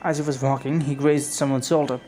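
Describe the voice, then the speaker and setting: Rambling fan-story narrator over music. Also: male voice, mid-range voice, level tone, a little fast, warm tone, poor audio. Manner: loose, rambling, restarts and self-corrections. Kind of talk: casual read-aloud storytelling.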